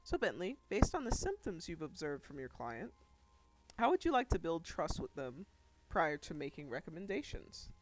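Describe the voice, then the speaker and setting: A man's voice: on the high side, big pitch swings, moderate pace. A man narrating as game master of a tabletop role-playing game in a loose, chatty way. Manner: loose, conversational narration with fillers.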